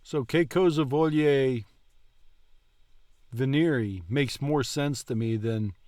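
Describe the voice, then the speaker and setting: Guy learning a language, talks real slow and unsure, dry sound. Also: medium pitch, darkish tone, dry recording. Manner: hesitant, slow with restarts and fillers. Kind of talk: casual lesson chat.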